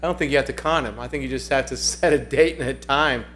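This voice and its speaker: A man's voice: medium pitch, quick pace, a bit bright, slight background noise. A man hosting a casual livestream, chatting and reading viewer comments aloud in a rambling way that often repeats itself. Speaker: livestream host.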